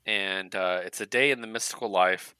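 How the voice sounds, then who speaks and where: A man co-hosting a podcast, recapping comic books in casual chat as an animated storyteller who laughs often. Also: sits low, normal speed, clean tone, dry recording. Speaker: podcast co-host.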